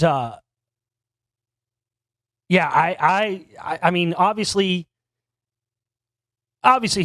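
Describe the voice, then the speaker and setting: A man's voice: fairly high pitch, dry recording. Rambling man on a dry desk mic. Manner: rambling, frequent restarts and stammered repeats. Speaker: talk show host. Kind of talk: casual solo commentary. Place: home studio near Dallas. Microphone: desk microphone.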